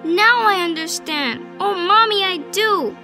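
A woman doing a high, bright little schoolgirl. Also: unhurried, soft background music, heavily acted. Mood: tearful. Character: young schoolgirl, weepy and eager. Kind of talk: storybook character voice.

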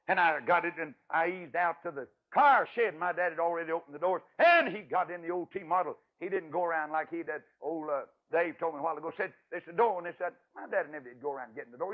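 An older man, an evangelist preacher, telling a folksy, emphatic story in a sermon, his voice swinging from loud to hushed. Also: a little high. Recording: tinny radio broadcast audio.

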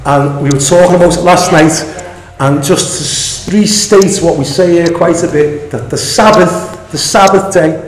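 A man preaching a sermon, emphatic and animated, often laughing at his own asides. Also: fairly high pitch, normal speed, roomy sound, a little hiss or hum, low-quality recording.

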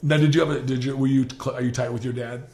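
A middle-aged man hosting a podcast, talking earnestly in a halting way with many restarts and laughs. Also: mid-range voice, steady tone, a little mellow, echoey room. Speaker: podcast host. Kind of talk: casual interview chat.

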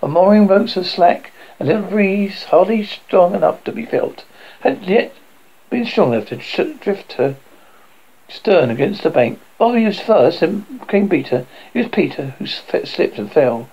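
A man's voice: high voice, animated, normal speed, gravelly, darkish tone, slightly rough, highs cut off. A man reading a novel aloud as narrator, often stumbling and correcting himself.

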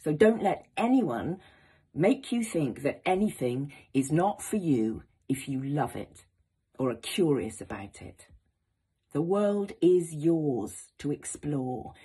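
A woman actor giving an encouraging, expressive educational talk to young people. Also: sits low, unhurried, slightly rough. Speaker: actor teaching students.

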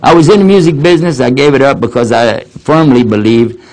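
A man's voice: medium pitch, fairly quick, low-quality recording. An older man giving a casual lecture and answering questions, telling folksy stories. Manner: folksy storytelling, animated quoting of others.

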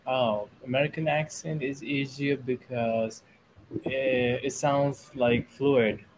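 A man in a relaxed video-call chat as an English learner, with a mid-pitched voice and faint noise behind. He asks short, curious questions and listens with quiet murmurs. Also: slow pace. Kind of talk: casual video-call conversation.

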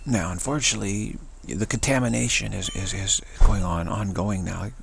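A man's voice: fairly low pitch, moderate pace, fairly bright tone, a little hiss or hum. A man giving an emphatic spiritual talk, often repeating and restarting words. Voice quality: gravelly and husky. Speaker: spiritual teacher.

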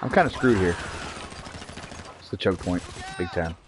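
A man's voice: deep voice, normal speed, noisy background. A man streaming an online shooter game, joking, swearing and talking to himself and his teammates as he plays. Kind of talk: live gameplay commentary.

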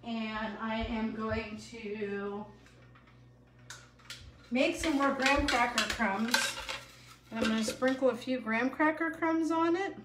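This middle-aged woman runs a live home-kitchen cooking stream, chatting casually in a bubbly way and laughing at her own moments. She speaks slowly with long pauses in a highish voice, and the room echoes over a noisy background.

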